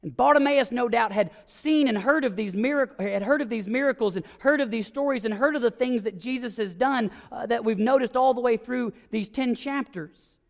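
High-voiced preacher in a reverberant church. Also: male voice, moderate pace, hardly any pauses. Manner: vivid storytelling, acting out scenes; emphatic, rising to ringing declarations. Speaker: pastor. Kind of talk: sermon. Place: church sanctuary. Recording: long reverb of a church sanctuary.

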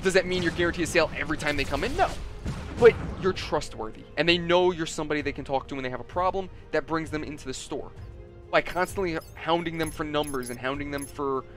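A man's voice: on the high side, brisk, fairly bright tone, soft background music. A man hosting a gaming video, chatting casually and swearing freely as he tells a story and acts out the customers. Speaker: gaming channel host. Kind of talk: casual story-telling over gameplay.

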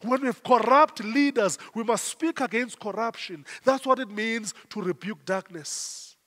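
A man's voice: high-pitched, a little slow, pushed and bright. A South African man preaching a sermon as pastor, emphatic and repeating his phrases in rising waves. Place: church. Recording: long church hall reverb.

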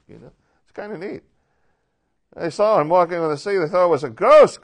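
Animated man teaching a Bible class. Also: sits high, brisk. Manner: animated, asks the class questions, acts out quotes.

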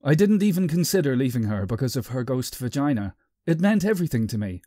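A man reading a book aloud, his pitch swinging up and down with lots of movement. He drops into deadpan grumbling between passages. The recording is dry and close, with no room sound. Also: fast talker, no echo. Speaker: amateur reader.

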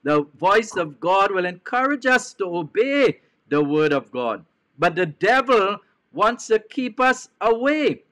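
Slow-preaching Trinidadian bishop, high voice. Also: male voice, fairly bright tone. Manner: deliberate preaching, repeats key phrases, asks the audience questions. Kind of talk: televised sermon.

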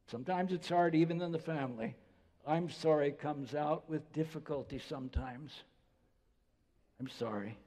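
Older man, pastor, mellow, storytelling sermon, reverberant church sound. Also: medium pitch. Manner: conversational storytelling preacher, drops to soft voice for quotes. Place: church sanctuary.

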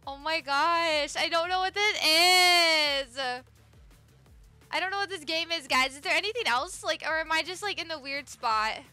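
A young woman with a very high, bright voice chats bubbly and fast-reacting through a live gaming stream, calling out viewers by name. Game music plays faintly behind her. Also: no echo. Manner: bubbly, greets chat by name, gasps often.

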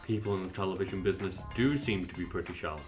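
A man voicing a stiff, gloomy male yakuza in a game, reading the lines in a flat, deadpan way. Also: low voice, racing, faint music behind, voice pushed down, lightly acted. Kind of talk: reading game dialogue aloud in character.

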